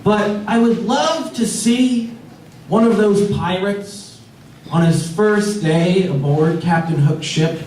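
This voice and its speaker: A man's voice: high-pitched, slow, a little mellow, slight background noise. A man performing a stand-up comedy set on a club stage, talking in a rambling, conversational way with many likes and uhs. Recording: echoey club, distant mic.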